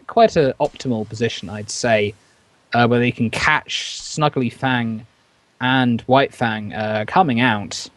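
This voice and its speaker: A man's voice: mid-range voice, dry recording. A man casting a game, rambling and laughing often between his play-by-play. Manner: giggly, rambling, animated. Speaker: esports caster. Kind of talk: live game commentary.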